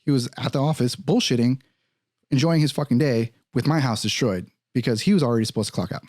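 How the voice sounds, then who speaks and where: A young man in casual podcast talk, telling a personal story in a profane, animated way and acting out the other people's lines. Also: mid-range voice, quick pace, no room sound, clean studio sound. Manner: profane, animated, acts out quoted voices.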